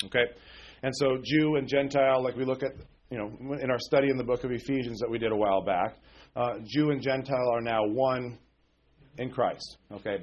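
A pastor with a weak voice, under the weather with a cold, preaching in a folksy, conversational way that keeps checking in with "okay?". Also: male voice, mid-range voice. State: sick with a cold. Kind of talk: conversational sermon. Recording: dull lo-fi recording.

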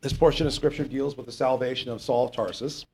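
A man's voice: mid-range voice, steady tone, quick pace, a little mellow, husky. Guy preaching and reading scripture, loose and jokey, fumbles his place sometimes, hits key lines hard. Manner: rambling, joking, loses his place in the text; emphatic on key points. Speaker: pastor. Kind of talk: conversational sermon with Bible reading.

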